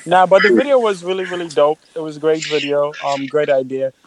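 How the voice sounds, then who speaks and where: Excitable joking man, fairly high voice. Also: noisy background. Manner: excitable, joking, quick to laugh. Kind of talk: casual chat.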